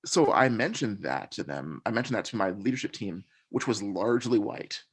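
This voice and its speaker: A man with a lowish, slightly rough voice speaks at a normal speed with plenty of expression. He's a podcast guest, earnestly recounting his experiences in a reflective, conversational storytelling style.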